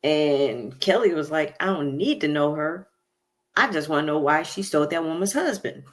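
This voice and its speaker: A woman's voice: deep voice, animated, moderate pace. A woman hosting a casual reality TV recap, chatty and opinionated, with many fillers. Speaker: recap show host.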